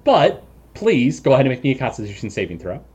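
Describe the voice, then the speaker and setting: A man's voice: medium pitch, very animated, quick pace, darkish tone, breathy edge, lo-fi sound. A man running a tabletop game as game master, describing the scene with frequent chuckles and filler words. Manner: chuckles often, many ums and restarts.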